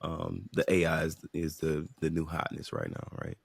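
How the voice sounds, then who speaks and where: A man with a very deep, gravelly and husky voice co-hosts a podcast. He asks questions in an easygoing way and leans on drawn-out fillers. The sound is dry and close. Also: little pitch movement, dry recording. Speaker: podcast co-host. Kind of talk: casual podcast chat.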